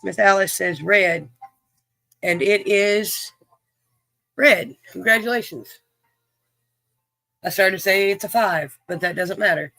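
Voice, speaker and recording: A man's voice: sits high, slow, gravelly, pauses often, sharp tone, no echo. A man hosting a livestream game, chatting in a folksy way and greeting viewers by name. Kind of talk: casual livestream chat, reading viewers' names.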